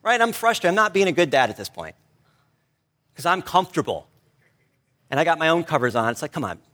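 A middle-aged man preaching a sermon, telling a family story in an animated, conversational way. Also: on the high side, a little fast. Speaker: pastor.

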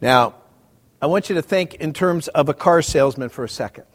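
High-voiced preacher in a reverberant hall. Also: male voice, brisk. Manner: conversational, joking asides to the congregation. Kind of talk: sermon with Bible reading.

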